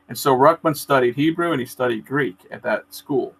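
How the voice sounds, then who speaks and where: Homme, voix rocailleuse et voilée, ton de conversation, récit animé et sérieux. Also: male voice, mid-range voice, moderate pace, vocal fry, few pauses, breathy edge, low-quality recording. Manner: earnest, animated storytelling. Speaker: storyteller in a live video chat. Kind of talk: casual chat.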